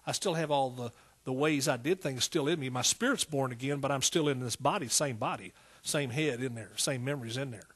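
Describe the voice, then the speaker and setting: A man's voice: medium pitch, a little fast, fairly bright tone, slightly rough. A middle-aged man with an East Texas accent preaching a sermon in a folksy, call-and-response manner. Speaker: pastor.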